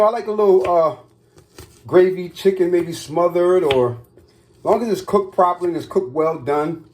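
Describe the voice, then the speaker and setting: A man hosting an excitable home-kitchen cooking vlog. His pitch swoops up and down as he talks straight to his viewers. A faint hiss sits under the voice. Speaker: cooking vlogger.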